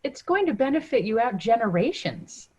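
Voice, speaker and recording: A woman guest on a podcast, chatting casually and telling stories with lively acted-out quotes. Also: on the high side, moderate pace, husky. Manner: animated storytelling, acts out quoted voices. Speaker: podcast guest, mom coach. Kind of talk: casual interview chat.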